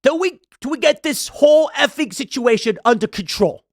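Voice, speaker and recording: A loud, brash ranting man in an exaggerated, high-pitched caricature voice, put on by a man for a mocking impression. The delivery swings wildly up and down. The sound is dry and close, with no room echo. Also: lively intonation, moderate pace.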